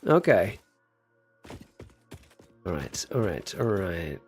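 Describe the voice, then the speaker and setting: A man's voice: deep voice, very animated, takes it slowly, faint music behind. A man casually chatting on a gameplay livestream, muttering to himself while building and answering his chat. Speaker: streamer.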